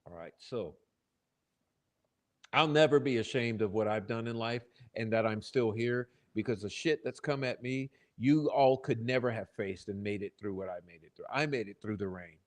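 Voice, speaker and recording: A middle-aged man hosting a live stream, swearing freely and swinging from loud outbursts to low muttering. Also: normal speed. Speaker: channel host. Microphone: desk microphone.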